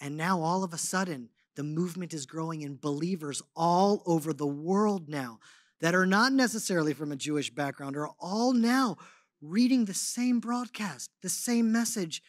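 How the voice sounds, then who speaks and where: A man speaking to a congregation, telling a personal story and teaching, swinging between loud animated stretches and hushed ones. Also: fairly high pitch, moderate pace, dry recording, clean studio sound. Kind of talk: testimony and sermon.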